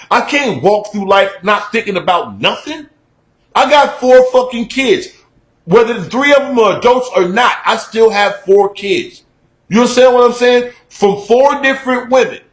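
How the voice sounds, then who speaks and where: A middle-aged man giving a candid, profane talk-show monologue, emphatic and conversational, getting loud when he is worked up. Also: high-pitched, animated, normal speed, reverberant, rough recording. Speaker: radio talk show host.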